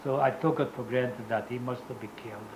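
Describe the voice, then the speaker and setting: An older man giving a Holocaust survivor's testimony in an oral history interview, speaking in halting, non-native English and often stopping to search for words. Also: medium pitch, fairly even intonation, background noise.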